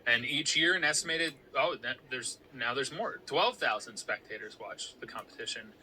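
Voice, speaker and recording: A man's voice: mid-range voice, lively intonation, moderate pace, sharp tone, slight background noise, low-quality recording. A man co-hosting a casual podcast chat, explaining researched facts in an informative way. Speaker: podcast co-host.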